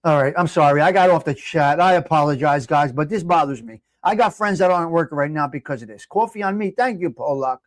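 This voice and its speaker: A man's voice: on the high side, expressive, fairly quick, hardly any pauses, no room sound. A man in a heated, profane livestream rant, hosting his own show. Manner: angry, profane, shouting at times. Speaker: livestream host.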